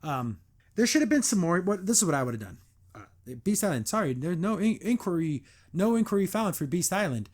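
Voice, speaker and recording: A man's voice: high voice, sing-song, brisk, a little mellow. A man hosting a podcast, reviewing a cartoon episode in a sarcastic, exasperated way and acting out the characters' lines.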